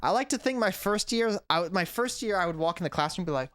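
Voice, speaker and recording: A man's voice: high-pitched, quick pace, hardly any pauses, a bit bright, smooth, dry recording. A man, an English teacher, talking through a reaction video at home in a rambling, self-correcting way. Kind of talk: casual reaction vlog. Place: indoors at home.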